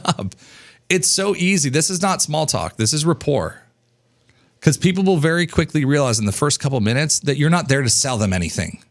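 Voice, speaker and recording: A man in his thirties teaching business coaching in an energetic, casual way, acting out snippets of dialogue and swearing now and then. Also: normal speed. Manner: animated, acts out dialogue in a higher voice, casual swearing.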